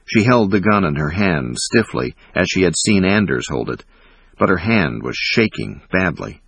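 A man reading a thriller audiobook in a measured, dramatic way. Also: low-pitched, big pitch swings, vocal fry, a bit bright, husky, no echo. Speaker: audiobook narrator. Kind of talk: scripted narration.

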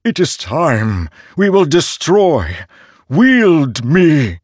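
A man voicing a bloodthirsty sentient black sword in an audiobook, slow and insistent, with a high drawn-out distant voice. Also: wildly swooping pitch, darkish tone, slightly rough, no echo, studio quality, exaggerated voice. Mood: eager. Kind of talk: audiobook character voice.

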